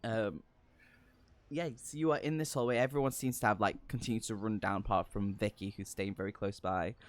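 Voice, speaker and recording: A man's voice: mid-range voice, dry recording. A man narrating as game master of a tabletop horror game, with lots of ums and hesitant descriptions. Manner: hesitant, many ums and kind-ofs.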